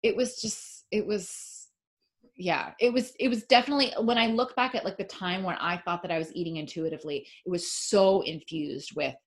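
On a podcast, a woman author talks casually in a fairly low voice at normal speed, drifting from point to point, saying "like" a lot and beginning her sentences again.

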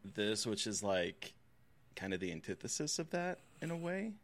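A man's voice: on the low side, very animated, moderate pace. A man co-hosting a podcast, talking films in a casual, reflective way with dry humor. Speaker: podcast co-host. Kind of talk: casual film chat.

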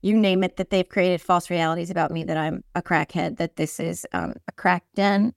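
A woman hosting a casual podcast chat, sarcastic and joking in quick riffs. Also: fairly low pitch, fairly even intonation, vocal fry, dry recording, studio quality. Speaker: podcast host.

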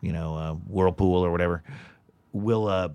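A man in his forties chats loosely as a guest voice actor, looping through fillers and false starts. His voice sits a bit low, and his delivery is relaxed and meandering. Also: normal speed, no echo, highs cut off. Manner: rambling, with many fillers and restarts. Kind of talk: casual interview chat.

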